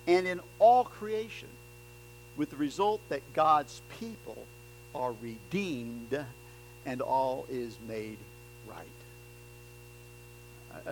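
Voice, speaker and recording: High-voiced man preaching, swinging quiet to loud. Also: a little hiss or hum, low-quality recording. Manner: swings between soft, low stretches and loud, emphatic bursts. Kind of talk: sermon.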